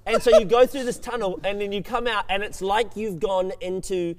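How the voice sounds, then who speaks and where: Brief: high-voiced young New Zealand man, lively co-host, heard with a long hall echo. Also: moderate pace. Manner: animated, puts on bird and crowd noises. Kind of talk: casual chat.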